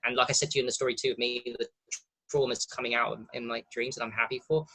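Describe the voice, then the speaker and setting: A man's voice: medium pitch, level tone, fast talker, sharp tone, slightly rough, poor audio. A man hosting a video call, responding with enthusiastic affirmation. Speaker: host. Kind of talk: casual chat on a video call. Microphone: video call mic.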